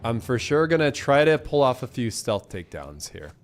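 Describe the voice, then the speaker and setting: A man's voice: medium pitch, big pitch swings, moderate pace. A man streaming a game live, chatting casually and cheerfully thanking donors, a bit congested. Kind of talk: casual live gameplay commentary.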